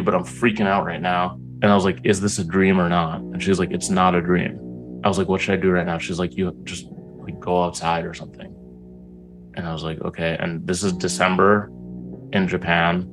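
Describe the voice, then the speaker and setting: Deep, gravelly-voiced man telling a story. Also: low-quality recording. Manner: profane, animated storyteller with many "like"s. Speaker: interview guest. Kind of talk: casual storytelling.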